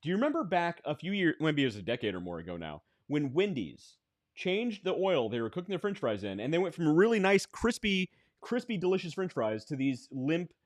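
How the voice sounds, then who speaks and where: Man, podcast co-host, high and animated, dry sound, incredulous questioner. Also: fairly quick. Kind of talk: casual podcast banter.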